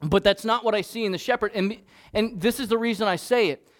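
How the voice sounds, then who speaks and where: Earnest, fairly high-voiced male preacher. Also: a little fast. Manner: conversational, earnest preaching with restarts. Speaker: pastor. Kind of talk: sermon.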